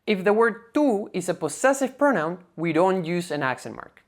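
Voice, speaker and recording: Female language teacher with a faint Spanish-speaking accent, low, lively voice, methodical scripted delivery. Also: moderate pace. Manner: clear, methodical explaining. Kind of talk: scripted lecture narration.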